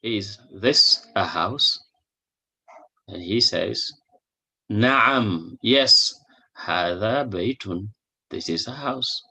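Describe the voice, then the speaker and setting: A man's voice: fairly low pitch, expressive, slow, long pauses, sharp tone, slightly rough. A man teaching a recorded language lesson, explaining patiently, repeating each example and checking understanding with a questioning "hmm?". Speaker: Arabic teacher.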